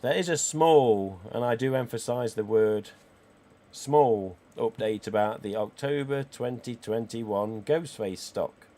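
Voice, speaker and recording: A man, croaky today, hosting a live stream and chatting cheekily with viewers. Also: mid-range voice, normal speed, hardly any pauses, a little mellow. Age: 40s. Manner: chatty and cheeky, with casual swearing. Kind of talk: casual livestream chat reading viewer comments.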